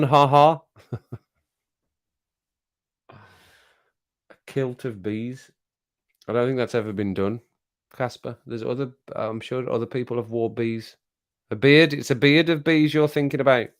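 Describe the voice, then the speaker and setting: A middle-aged man with a mid-range voice hosts a casual live stream at a moderate pace. He teases viewers as he reads the chat, laughing often and repeating his phrases.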